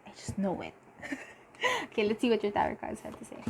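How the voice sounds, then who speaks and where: A woman giving a casual tarot reading, talking in halting bursts with lots of fillers and giddy laughter. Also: medium pitch, a little mellow, a little hiss or hum. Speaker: tarot reader.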